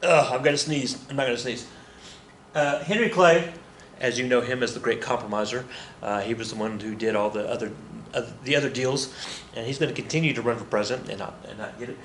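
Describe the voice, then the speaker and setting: A man's voice: medium pitch, fairly quick, fairly bright tone, reverberant, a little hiss or hum. A male history teacher giving a casual, joking classroom lecture, often correcting himself as he talks to his students.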